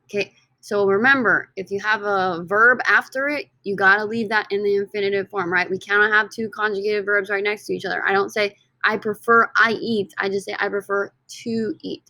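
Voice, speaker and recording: A young woman teaches a recorded lesson in a bright, clear voice and keeps an upbeat tone. She repeats each word so students can follow along. The sound is dry and close, with no room around her. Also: mid-range voice, fairly even intonation, a little fast, no echo, rough recording. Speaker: Spanish teacher.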